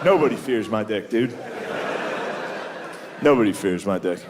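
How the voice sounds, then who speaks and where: Unhurried and expressive, a man in his thirties works a comedy club crowd in a low voice, cursing a lot, making fun of himself and slipping into silly voices. The live recording is very noisy, with loud audience laughter throughout.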